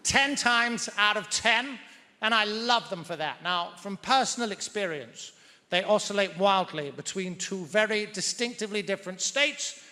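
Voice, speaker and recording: A man's voice: high voice, animated, normal speed, bright, forceful tone. Wry man doing stand-up in a theatre. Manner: wry, mock-pompous, precise wording. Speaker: stand-up comedian. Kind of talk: stand-up comedy set. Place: large theatre stage. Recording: theatre reverb, faint noise.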